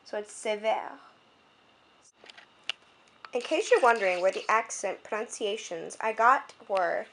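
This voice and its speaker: A young woman tutoring French in a homemade video lesson, explaining clearly and stopping now and then to adjust her camera. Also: medium pitch, lively intonation, a little slow, long pauses, fairly bright tone, a little hiss or hum.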